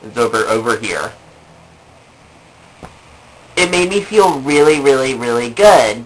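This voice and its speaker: A woman's voice: low voice, low-quality recording. A young adult woman telling funny personal stories in a rambling way, with many fillers and repeated phrases. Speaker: vlogger. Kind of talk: comedic personal storytelling.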